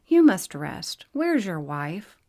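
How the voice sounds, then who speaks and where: A kind female fairy healer speaks gently and teases a patient, as a woman narrator reads her part. Her voice sits on the lower side for a woman, calm and storybook-like. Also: slow pace, exaggerated voice. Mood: teasing. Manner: gentle and teasing.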